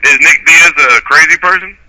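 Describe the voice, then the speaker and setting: A man's voice: on the high side, steady tone, moderate pace, bright, forceful tone, no echo, rough recording. A man with a slight Southern American accent, co-hosting an internet radio show in blunt, brash, profane banter. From Florida, United States. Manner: blunt, brash, swears freely.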